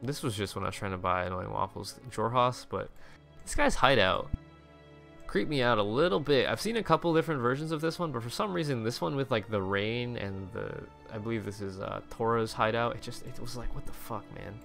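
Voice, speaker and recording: Gravelly young man, casual swearing rambler. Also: mid-range voice, fairly quick, a bit bright, faint music behind. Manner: rambling, swears often, lots of restarts. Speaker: gaming video creator. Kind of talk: casual commentary over game screenshots.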